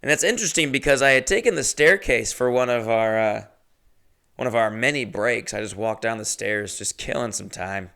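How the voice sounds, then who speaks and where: A man's voice: mid-range voice, normal speed, vocal fry, sharp tone, clean tone. A man telling a casual, rambling story in a profane, jokey way. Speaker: podcast host telling a story.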